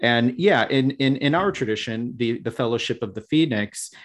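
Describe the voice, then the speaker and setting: A man talking as a guest in a casual spiritual chat, halting and full of restarts. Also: medium pitch, animated. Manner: halting, many fillers and restarts.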